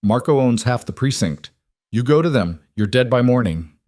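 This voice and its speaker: A man voicing a cold, controlled crime boss who speaks quietly and with certainty. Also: medium pitch, animated, normal speed, dry recording, studio quality, voice pushed up, natural voice.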